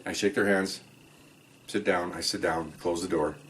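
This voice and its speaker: A rather low-voiced man spins a story from his police days in an easy, chatty way, slipping into the voices of the people he quotes. He sounds a little off-mic, as if sitting back from it. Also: fairly even intonation, moderate pace, distant mic, a little hiss or hum. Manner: chatty, acts out dialogue, swears offhand. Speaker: retired police officer telling stories on a podcast. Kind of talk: casual first-person storytelling.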